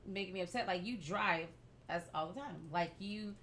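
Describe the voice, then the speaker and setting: A woman's voice: mid-range voice, moderate pace, fairly bright tone. A woman hosting as a love coach, talking emphatically and with sass to her listeners. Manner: emphatic, sassy, addresses listeners directly. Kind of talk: casual chat.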